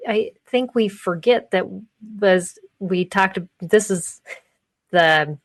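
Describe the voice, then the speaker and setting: A woman's voice: mid-range voice, takes it slowly, dry recording. A woman hosting an interview, affirming her guest and thoughtfully leading into her next question. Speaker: podcast host. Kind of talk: casual interview talk.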